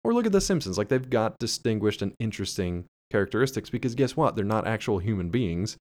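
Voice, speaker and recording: A man's voice: fairly low pitch, big pitch swings, quick pace, darkish tone. A man co-hosting a podcast in casual chat, sardonic and profane, with exaggerated complaints. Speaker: podcast co-host.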